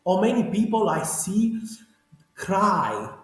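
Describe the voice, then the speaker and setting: A man's voice: high-pitched, big pitch swings, slow pace. A man with a strong Sicilian accent, Italian native, chatting animatedly as a genealogist guest in broken English. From Sicily, Italy. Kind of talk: casual interview chat. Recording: very echoey room.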